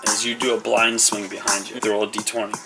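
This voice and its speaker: A man's voice: lowish voice, little pitch movement, a little fast, poor audio. A man narrating a tabletop game as game master, rambling with lots of fillers as he describes the action. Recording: loud background music.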